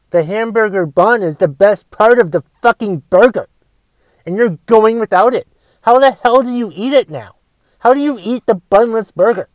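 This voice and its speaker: A man's voice: high-pitched, dark tone, no echo. A man voicing an irritated adult man who rants with incredulous, profane questions about a friend's diet. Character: exasperated adult man ranting about diets. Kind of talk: comic rant in character.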